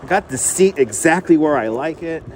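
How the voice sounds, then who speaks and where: A man's voice: a little high, expressive, moderate pace, a little mellow. A man live-streaming while riding a bike through city streets, chatting casually and greeting viewers by name on a clip-on wireless mic. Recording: wind and traffic noise outdoors.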